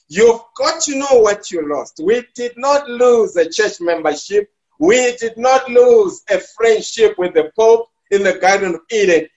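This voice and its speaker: A high-pitched man preaching with fervor, slowing down to stretch out his key lines. The recording is dull and lo-fi, with the top end missing. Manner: fervent preaching with drawn-out emphatic phrases. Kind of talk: sermon. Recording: dull lo-fi sound.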